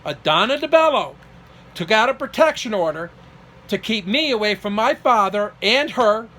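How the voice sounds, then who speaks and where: A middle-aged man telling a personal story in an emotional monologue, getting agitated and acting out the people he quotes, at times close to shouting. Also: high-pitched, animated, normal speed. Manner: agitated, acts out quoted dialogue, rising to near shouting.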